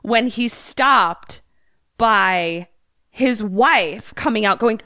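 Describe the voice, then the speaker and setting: A woman podcast co-host in casual chat, telling a horror film's plot in an animated way and acting out the characters. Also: on the high side, drawn-out words, dry recording, clean studio sound. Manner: animated storytelling, acts out the characters.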